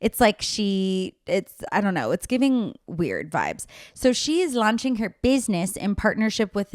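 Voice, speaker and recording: A woman's voice: medium pitch, no echo, clean studio sound. A young woman hosting her own podcast, telling stories in a loose, chatty way full of "like" and "um". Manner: chatty storytelling, many fillers like "like" and "um". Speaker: podcast host. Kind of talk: casual solo podcast chat.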